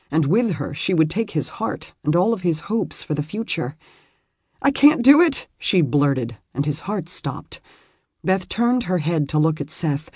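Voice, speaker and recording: An audiobook narrator reads a historical romance in a steady, measured way. The voice sits at a mid pitch, and the recording is dry and close with no room sound. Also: slightly rough, no room sound.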